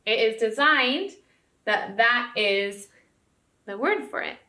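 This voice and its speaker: A woman's voice: on the high side, animated, slow pace, pushed and bright. A woman teacher giving a recorded spelling lesson to young students, patient and encouraging, often checking in with "okay?". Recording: roomy echo.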